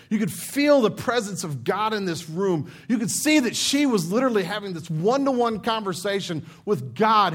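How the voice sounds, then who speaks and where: A middle-aged man preaching a sermon as pastor, talking in an earnest, conversational way and acting out the scripture in his own words. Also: sits high.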